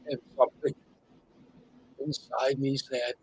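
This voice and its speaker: A middle-aged man with a husky, breathy edge to his voice, speaking candidly on a podcast. He recounts hard memories with feeling and sinks close to a whisper when the story turns heavy. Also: medium pitch, a little slow, low-quality recording. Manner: emotional storytelling, drops to a near whisper at heavy moments. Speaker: podcast co-host. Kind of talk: candid conversation.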